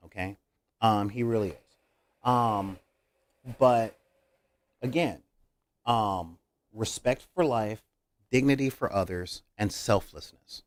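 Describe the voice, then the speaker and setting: A man hosting a casual talk about tabletop roleplaying as a game master, speaking earnestly with many hesitations and fillers. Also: medium pitch.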